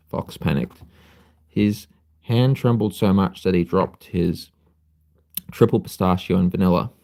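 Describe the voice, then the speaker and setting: Brief: low dark gravelly male storyteller, drowsy, slow reading on a live stream. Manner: sleepy, unhurried, apologizes for slips and coughs. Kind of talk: reading a children's story aloud.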